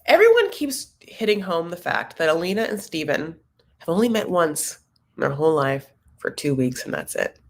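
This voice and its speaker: A woman with a lowish voice hosts a casual livestream recapping a reality show, talking at a moderate pace. She's animated and jokey, using lots of fillers and playful put-on voices, and laughs at her own jokes.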